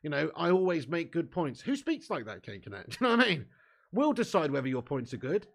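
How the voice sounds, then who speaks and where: A young man hosting a live football watch-along, bantering with his chat and swearing freely, getting loud when a chance comes. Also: a little high, huge pitch swings, quick pace.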